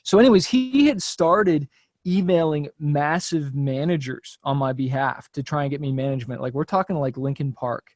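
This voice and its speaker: A man, a musician guest on a podcast, telling a story in a relaxed, loose way, full of "like" and "you know". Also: on the high side, normal speed, no echo. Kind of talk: casual chat.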